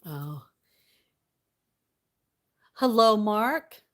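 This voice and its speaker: A woman's voice: mid-range voice, lively intonation, drawn-out words. A giggly young woman chats casually on her livestream. She laughs often as she talks and greets her viewers one by one by name. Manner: giggly, laughs often, reads out chat names. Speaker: live streamer.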